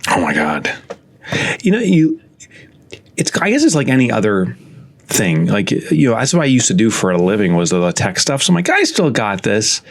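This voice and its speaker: Low-voiced chatty male podcast co-host. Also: wildly swooping pitch, moderate pace, gravelly, long pauses. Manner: chatty, rambling, self-mocking. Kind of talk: casual podcast chat. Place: home office.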